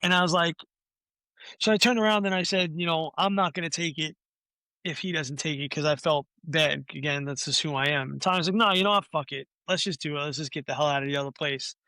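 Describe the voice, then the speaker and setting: A man's voice: fairly high pitch, fairly even intonation, a little fast, sharp tone, dry recording. A man in his forties, a podcast guest, telling a long anecdote in casual talk, swearing freely and acting out what other people said. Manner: swears freely, acts out quoted voices.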